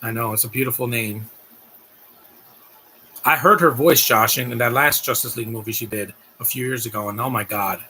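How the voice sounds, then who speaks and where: A man's voice: medium pitch, normal speed, bright, forceful tone, slight background noise. A man doing casual live-stream commentary on a film, gushing and rambling as he talks to his chat.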